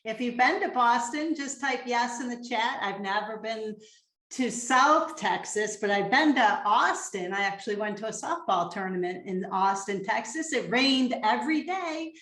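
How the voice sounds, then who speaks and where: A woman's voice: a little high, animated, moderate pace, fairly bright tone. Bubbly woman speaker in an echoey room. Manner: bubbly, laughs often, addresses the audience directly. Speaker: motivational speaker. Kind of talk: live webinar presentation. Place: home office on a webcam. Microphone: webcam or computer mic.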